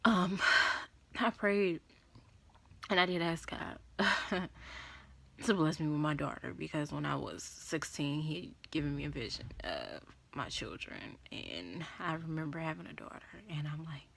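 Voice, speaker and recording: A pregnant woman talks straight to her viewers in a casual vlog, her speaking voice sitting a little low. A gravelly vocal fry runs through her words. She slips into an encouraging, preacherly way of talking about faith. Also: expressive, measured pace, a bit bright. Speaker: vlogger.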